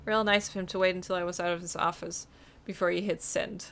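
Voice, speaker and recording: A woman's voice: lowish voice, level tone, fast, gravelly, a bit bright, a little hiss or hum. A woman voicing a determined young female detective, reading her wry, resentful inner monologue aloud from a game. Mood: bitter.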